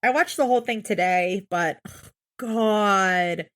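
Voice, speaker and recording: A woman's voice: medium pitch, slow pace, fairly bright tone. A woman co-hosting a podcast, recapping a show in casual chat, exasperated and swearing often as she acts out what people said. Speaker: podcast co-host.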